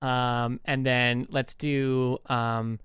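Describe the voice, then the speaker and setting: A man's voice: mid-range voice, level tone, very slow, fairly bright tone, clean tone, dry recording. A man co-hosting a podcast, playing a word game in a hesitant, joking, self-deprecating way with plenty of ums. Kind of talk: casual podcast chat.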